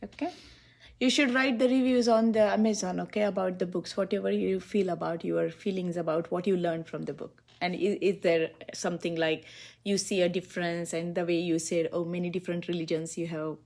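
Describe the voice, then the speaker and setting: A woman Ayurvedic physician instructing a patient one-on-one. She speaks patiently and coaxingly, and recites Sanskrit chants very slowly. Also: on the low side, steady tone, creaky, darkish tone.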